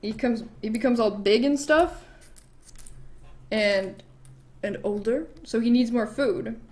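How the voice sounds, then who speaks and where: A woman telling an old myth in a loose, rambling way, dropping swear words and breaking off to laugh or fuss over something. Her voice sits fairly high, and she talks slowly and without hurry. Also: darkish tone. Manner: rambling, swears freely, laughs, easily distracted. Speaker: vlogger. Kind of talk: casual myth retelling while painting nails.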